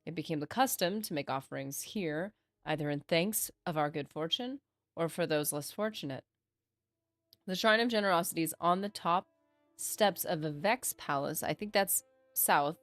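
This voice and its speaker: A woman's voice: deep voice, moderate pace, dry recording. A woman streaming a role-playing game, reading quest text aloud and chatting playfully with her viewers. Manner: chatty, joking asides, playful mock-grandeur. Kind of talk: casual gameplay livestream chat, reading in-game text aloud. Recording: faint game music behind.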